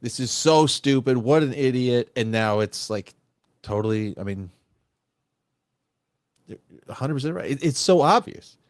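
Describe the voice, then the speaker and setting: A man on a casual livestream chat, animated and profane, mocking others with mimicked quotes. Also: mid-range voice, a little slow, long pauses, no echo, clean studio sound.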